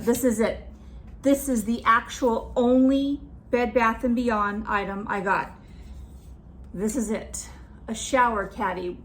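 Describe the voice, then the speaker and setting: A woman's voice: a little high, a little hiss or hum, rough recording. A woman unboxing a returns box on her vlog, talking in a snarky, annoyed way. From California.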